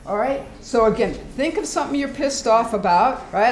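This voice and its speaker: A woman presenting a live workshop in a hospital meeting room, animated and demonstrative, acting out sounds and inner voices as she teaches. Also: on the high side, moderate pace. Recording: echoey room, faint background noise.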